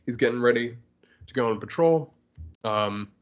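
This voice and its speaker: A man co-hosting a comics podcast, chatting casually, laughing often and acting out characters in quick asides. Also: mid-range voice, muffled recording. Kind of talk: casual chat.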